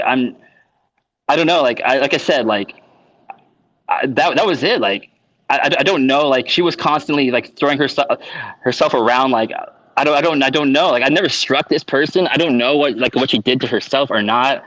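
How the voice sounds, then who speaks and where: A man in an unscripted personal monologue. He talks in a halting way, restarting his sentences and filling gaps with small words as he goes. His pitch sits in an ordinary middle range for a man. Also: a bit bright, low-quality recording. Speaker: vlogger.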